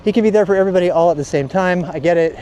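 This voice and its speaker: A man's voice: sits high, very fast, warm tone, a little hiss or hum. A man vlogging while cycling outdoors, ranting bluntly and profanely in a casual monologue.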